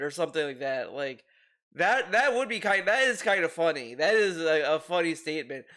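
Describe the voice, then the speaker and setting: A man's voice: a little high, expressive, moderate pace, pushed and bright. A man hosting a commentary video, reacting with rambling, restarting sentences, swearing and laughing.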